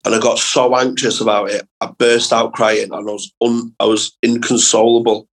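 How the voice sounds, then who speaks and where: A young man with a husky, slightly breathy voice tells school stories as a comedian guest on a chat podcast. His delivery is animated and loose, peppered with swearing, and sits at an ordinary middle pitch. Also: normal speed, rough recording. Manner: animated anecdotes, lots of swearing. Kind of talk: casual storytelling chat.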